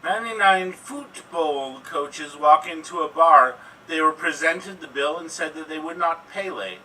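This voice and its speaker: A man's voice: fairly high pitch, measured pace, pushed and bright. A man telling terse, offbeat improvised one-liners. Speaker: improv player. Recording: distant mic, faint room noise.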